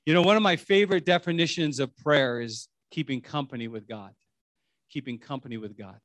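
A man's voice: medium pitch, brisk, fairly bright tone, no echo, clean studio sound. A middle-aged man preaching a sermon in a rambling, conversational way, full of restarts and asides. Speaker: pastor.

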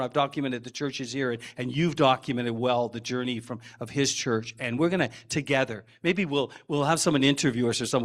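A man with a fairly high voice preaches to his congregation in a church. He talks emphatically and circles back to repeat his key phrases. He turns to the people in the pews with friendly asides. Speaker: pastor. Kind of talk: sermon. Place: church sanctuary.

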